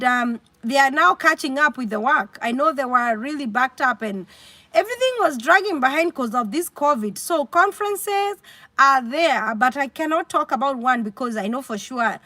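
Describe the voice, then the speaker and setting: A woman with a Kenyan accent hosting a casual livestream, chatty and animated, reading out comments and mixing in Swahili. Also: high voice, no echo. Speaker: livestream host.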